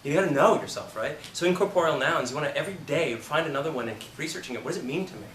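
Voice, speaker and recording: A man teaching an acting class, talking casually and telling lively stories with the odd curse. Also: on the high side, racing, slight background noise. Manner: chatty, animated storytelling with profanity. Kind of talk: classroom lecture with anecdotes. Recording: roomy classroom from a distance.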